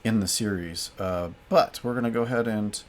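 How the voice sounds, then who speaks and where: A man casually playing a solo card game and reading its story aloud, with lots of fillers and restarts. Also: on the low side. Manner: halting, many fillers and restarts. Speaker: solo game player and narrator. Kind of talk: casual play-through narration.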